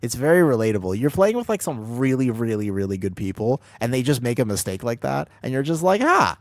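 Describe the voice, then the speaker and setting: A man's voice: mid-range voice, fast talker, no echo. Guy streaming a game, rambly and hyped, swears a lot, voice swings all over, dry close sound. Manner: rambling, excitable, swears freely, laughs often. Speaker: streamer playing a healer in an online game. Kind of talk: casual live gameplay commentary.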